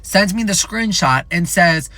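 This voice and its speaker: A young man in his twenties telling a casual storytime vlog in an animated, profane, rambling way. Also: high-pitched, a little slow, no room sound. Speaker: content creator.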